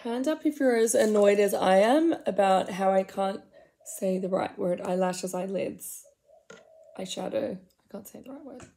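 A woman in her forties with an Australian accent, chatting through a comedic makeup routine. She rambles, mocks herself and slips into soft whispered asides. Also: medium pitch, normal speed, vocal fry. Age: 40s. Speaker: makeup vlogger. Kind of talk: comedic get-ready-with-me chat.

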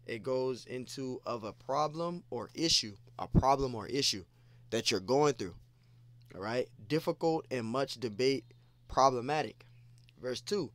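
A man's voice: mid-range voice, dry recording. A man giving an informal scripture lesson, repeating phrases and peppering his talk with "man" and "you know.". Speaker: preacher.

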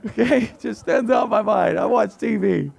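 A man's voice: high-pitched, moderate pace, vocal fry, a little mellow. A middle-aged man preaching a sermon as pastor, with humor and frequent rhetorical questions to the congregation.

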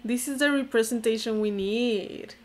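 A young woman from Mexico with vocal fry, reacting to her old posts in a casual, sarcastic, self-mocking way and saying "like" constantly. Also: on the high side, moderate pace, a little mellow. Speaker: vlogger. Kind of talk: casual commentary to camera.

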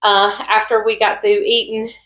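A woman's voice: mid-range voice, little pitch movement, normal speed, fairly bright tone, highs cut off. A woman with a Southern US accent chatting casually to camera from her couch about a family meal. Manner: chatty, homey, fond of food. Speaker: farm vlogger, pastor's wife. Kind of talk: casual vlog talk to camera. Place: home living room couch.

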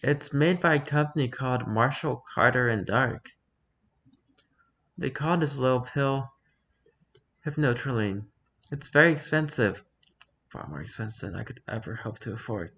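A man voicing a guilt-ridden adult daughter, lifting his voice and speaking softly and pleadingly in a storybook reading. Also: medium pitch, moderate pace, long pauses, pitched above the performer's own voice, natural voice.

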